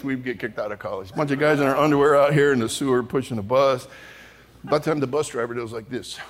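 A man preaching a storytelling sermon to a large audience, animated and comic, rising to shouts at the high points. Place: large church auditorium before an audience.

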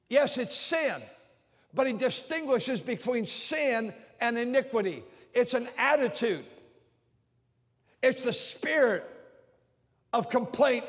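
An older man, a pastor, preaching a sermon with emphatic, repeated phrases in a church. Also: extremely high pitch. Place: church sanctuary. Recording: long hall reverb.

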